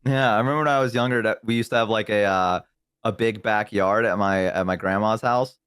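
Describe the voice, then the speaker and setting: A young man with a Southern US accent chatting casually on a stream, rambling through childhood stories and jumping into high voices to quote people. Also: brisk, a bit bright, smooth, no room sound, clean studio sound. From American South. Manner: rambling, jumps into high voices when quoting. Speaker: stream co-host. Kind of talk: casual chat, storytelling.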